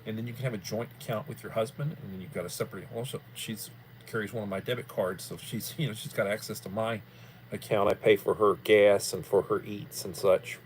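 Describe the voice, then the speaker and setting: A man's voice: lowish voice, steady tone, a little fast, slight background noise. A man hosting a livestream in casual chat, rambling in a folksy way and repeating himself. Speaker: livestream host.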